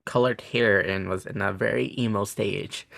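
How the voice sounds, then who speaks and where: A man's voice: lowish voice, steady tone, normal speed, gravelly, fairly bright tone. A man co-hosting a casual podcast, dropping short joking remarks into the talk. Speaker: podcast co-host.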